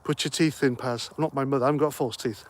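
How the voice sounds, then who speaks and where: Hosting a casual livestream, a middle-aged man reads comments and chats in a jokey, wandering style. His mid-range voice holds a steady tone at a quick pace, and he's slightly winded.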